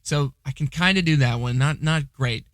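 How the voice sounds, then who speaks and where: A man's voice: on the high side, normal speed, fairly bright tone, no room sound. A young man co-hosting a podcast, chatting casually in a joking, self-deprecating way. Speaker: podcast co-host. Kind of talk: casual chat.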